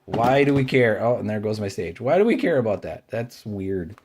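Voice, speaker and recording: A man's voice: lowish voice, very animated, moderate pace, darkish tone, slightly rough. A man hosting his own card-collecting video, giving casual running commentary as he opens packs and names each card, grumbling and cheering by turns. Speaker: card collecting channel host.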